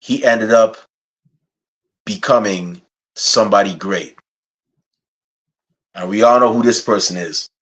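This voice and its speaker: Animated male podcast host, casual. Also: lowish voice, takes it slowly, long pauses. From Guyana. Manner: animated, laughing while putting on a playful accent. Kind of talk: casual interview chat.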